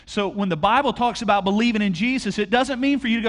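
A man's voice: sits high, animated, fairly quick, hardly any pauses. A man preaching a conversational sermon to a church audience, asking them questions directly. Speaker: pastor. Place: large church auditorium. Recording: long hall reverb.

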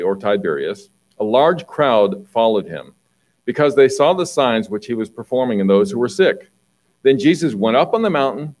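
A man preaching a conversational sermon, reading Bible passages and explaining them, often clearing his throat. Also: fairly low pitch, darkish tone, low-quality recording.

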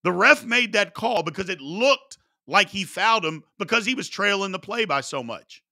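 Animated bright-voiced male sports host. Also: high voice, normal speed, creaky. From Louisville, Kentucky area. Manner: animated, repeats points for emphasis. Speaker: sports talk show host. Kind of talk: live sports talk, reading chat questions.

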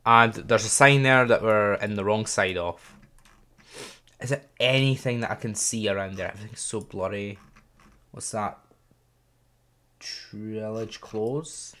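A young man talks casually over gameplay, musing aloud as he guesses. His voice is fairly low, and his delivery is relaxed and self-deprecating. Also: moderate pace. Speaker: gaming channel host.

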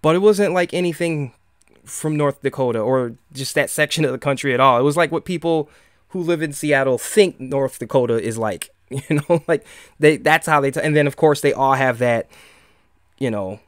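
A man's voice: mid-range voice, moderate pace, clean tone, no room sound, clean studio sound. Sarcastic rambling man, Michigan accent. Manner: rambling, sarcastic, many fillers and restarts. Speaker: podcast host. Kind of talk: casual live-stream monologue.

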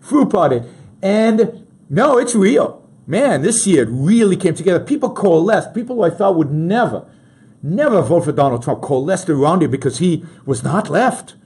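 A male talk show host giving emphatic political commentary, piling up words for emphasis and pausing to muse over his own word choice. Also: sits high, lively intonation, a little mellow, slightly rough. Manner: self-correcting, muses aloud over word choice.

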